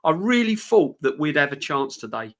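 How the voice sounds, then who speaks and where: Fuming on a fan channel live stream, the male host keeps circling back to the same points in a passionate rant. His slightly high voice swings widely in pitch while holding a normal speed.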